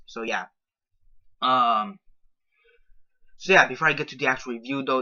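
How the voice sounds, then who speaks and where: Bright-voiced rambling young man reviewer. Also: medium pitch, highs cut off. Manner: rambling, repeats "so yeah" with many ums. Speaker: movie reviewer. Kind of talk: casual video review.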